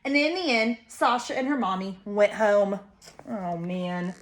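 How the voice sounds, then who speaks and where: A woman, a preschool teacher, reading a picture book aloud to young children and pointing out the pictures. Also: high voice. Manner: slow, expressive, pointing out pictures to kids.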